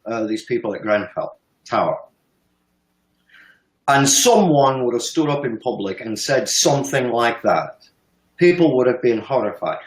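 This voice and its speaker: Man, 50s, heated political commentary, emphatic, swears, roomy echo. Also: medium pitch. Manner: emphatic, swearing, laughs scornfully. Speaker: guest commentator.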